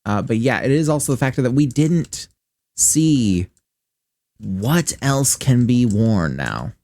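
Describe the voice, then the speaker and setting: Streaming a game, a Michigan man with a general Midwestern American accent rambles casually, thinking aloud and swearing a lot. His medium-pitched voice is animated, slow-paced and a little mellow, with no room sound.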